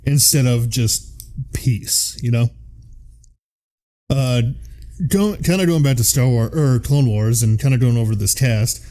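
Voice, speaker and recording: Co-hosting a casual podcast chat, a man with a Midwestern American accent rambles enthusiastically, filling his talk with fillers. His mid-range voice is dark and unhurried, broken by long pauses.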